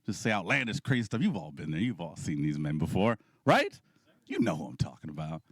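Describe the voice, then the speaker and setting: Male comic emcee, lively delivery, dry close sound. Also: low-pitched, a little fast, slightly rough, dry recording. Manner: animated storytelling with audience asides. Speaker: comedy showcase host. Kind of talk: stand-up comedy. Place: comedy club stage.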